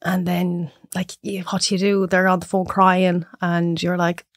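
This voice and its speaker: A woman in her thirties with an Irish accent, chatting as a podcast guest and acting out her clients in high voices. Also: level tone, unhurried, no echo, studio quality. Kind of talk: casual chat.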